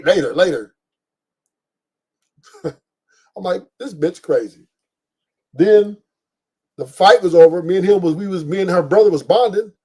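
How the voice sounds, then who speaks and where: High-voiced profane man ranting on a podcast. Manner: profane, boisterous, animated asides. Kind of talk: casual storytelling rant.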